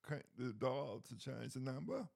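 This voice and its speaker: A man's voice: medium pitch, sing-song, moderate pace, gravelly, darkish tone, dry recording, studio quality. A man co-hosting a podcast, chatting casually and telling rambling stories with frequent chuckles. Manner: rambling storyteller, chuckles often. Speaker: podcast co-host. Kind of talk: casual chat.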